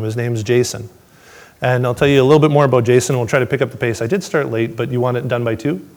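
A man telling his testimony to a congregation, swinging between excited storytelling and hushed, reflective moments. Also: medium pitch. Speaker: father sharing a testimony.

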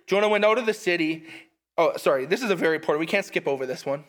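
High-voiced man preaching casually. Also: rapid-fire. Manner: relaxed and conversational, with asides and restarts. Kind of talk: casual sermon reading scripture.

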